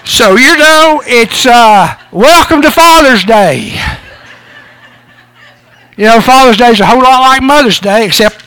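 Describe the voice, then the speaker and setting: A man's voice: very high-pitched, animated, a little slow, long pauses, bright, forceful tone, clear, resonant tone. A man, a pastor giving a sermon on Father's Day in a folksy, joking, conversational way. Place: church service.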